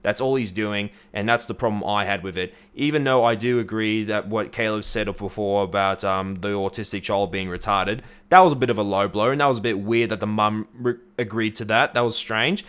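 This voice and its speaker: A man's voice: fairly low pitch, a little fast, hardly any pauses, a bit bright, smooth. An Australian man giving blunt, sweary, opinionated commentary as a YouTuber.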